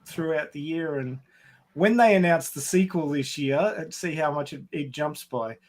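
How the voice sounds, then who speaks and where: A man's voice: a little high, moderate pace. A man joining a casual livestream podcast as co-host, given to joking banter.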